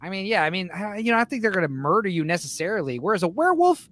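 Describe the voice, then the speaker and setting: A man co-hosting a podcast in casual chat, rambling and animated, swearing freely and acting out scenes. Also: high-pitched, racing, no room sound. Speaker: podcast co-host.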